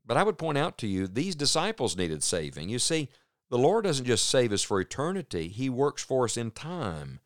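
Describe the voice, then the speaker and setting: A man preaching a sermon on the radio, earnest and emphatic, slowing down to stress key phrases. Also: mid-range voice, big pitch swings, dry recording, studio quality.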